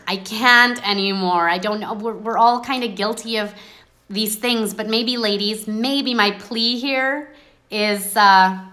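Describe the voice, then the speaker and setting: Bright-voiced woman chatting passionately. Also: mid-range voice. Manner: passionate, animated, says her voice is often mistaken for anger. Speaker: host. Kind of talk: casual chat.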